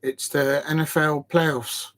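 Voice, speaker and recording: A man hosts a late-night football stream from home. His voice sits a bit high. He rambles and laughs, sounding out of breath. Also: little pitch movement, slow pace, fairly bright tone. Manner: chatty and rambling, laughing between tries at headers. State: tired and short of breath. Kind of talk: live watch-along stream chat.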